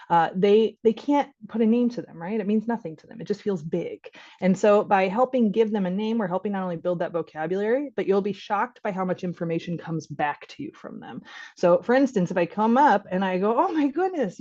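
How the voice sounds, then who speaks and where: A woman's voice: medium pitch, animated, brisk, mellow, no echo. Chatty woman presenter, dry dull audio. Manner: conversational, acts out child and parent voices, laughs often. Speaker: physician workshop presenter. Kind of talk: online training talk for caregivers.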